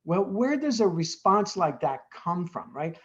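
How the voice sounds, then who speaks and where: A man's voice: high-pitched, big pitch swings, a little slow, fairly bright tone. Earnest man explaining, muffled audio. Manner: earnest, often checks in with "right?". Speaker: guest, addiction treatment founder. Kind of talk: explanatory interview talk.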